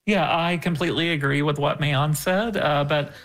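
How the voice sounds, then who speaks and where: Radio guest, man from Georgia, higher voice, relaxed and agreeable. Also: moderate pace. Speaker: travel blogger, guest. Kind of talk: radio interview.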